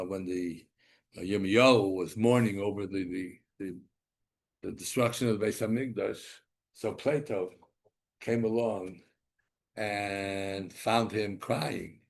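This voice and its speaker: An older man, a rabbi, giving an animated Torah lecture with emphatic repeats and restarts. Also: lowish voice.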